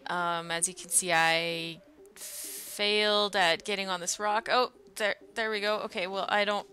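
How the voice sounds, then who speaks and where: A woman's voice: medium pitch, fairly even intonation, a little slow, bright, forceful tone. A woman giving a casual, chatty voice-over of her gameplay footage, with frequent ums and uhs. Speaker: gamer narrating her match footage.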